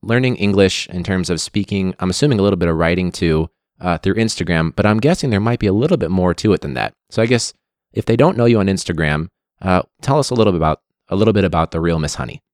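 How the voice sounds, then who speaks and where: A man with a Chicago accent hosting a casual interview podcast, relaxed and rambling, laughing at himself now and then. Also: low voice, fast talker, dry recording, studio quality. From United States. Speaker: podcast host.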